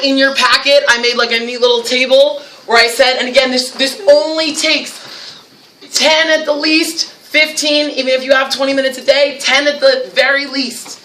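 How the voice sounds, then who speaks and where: Lively North Jersey woman presenter. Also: fairly high pitch. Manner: lively, acts out classroom scenes. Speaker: workshop presenter for teachers. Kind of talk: teacher training workshop. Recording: echoey room, mic from far off.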